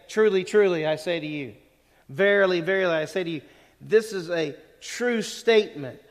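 Preaching man in a reverberant church hall. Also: a little high. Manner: conversational preaching with frequent questions to the congregation. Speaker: pastor. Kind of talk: expository sermon. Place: church sanctuary.

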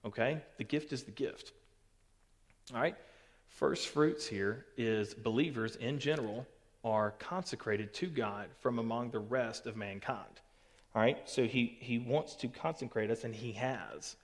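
A man teaches Scripture in an easy, conversational way, his voice at a middle pitch. The sound carries a long hall reverb, as if recorded in a big sanctuary. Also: unhurried. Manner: conversational, peppered with "okay" and "all right". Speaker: pastor. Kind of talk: recorded Bible teaching to camera.

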